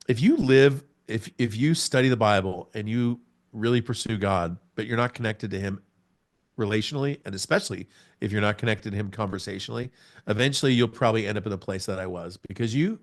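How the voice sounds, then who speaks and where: A middle-aged man from the United States, a podcast guest telling a story in a casual interview, laughing often and jumping to a much higher pitch at the exciting moments.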